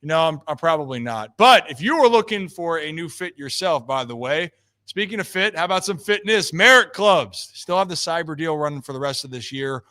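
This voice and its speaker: A man's voice: a little high, a little fast. A man hosting a casual talk show, joking with his co-hosts and reading an ad. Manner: loose, joking, animated. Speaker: show host. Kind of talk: casual chat and ad read.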